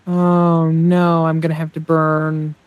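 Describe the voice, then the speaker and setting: A man's voice: on the high side, completely flat delivery, slow, clear, resonant tone, dry recording, narrow, tinny audio. A man hosting a let's play, giving casual gameplay commentary and rambling aloud as he thinks, often mocking himself.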